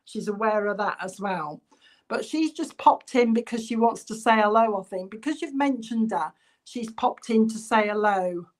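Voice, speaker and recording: A woman working as a spiritualist medium in an online church service, passing on spirit messages in a halting, chatty way and addressing viewers by name. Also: medium pitch, animated. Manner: halting, relays spirit messages with many ums. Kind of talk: online church clairvoyance reading.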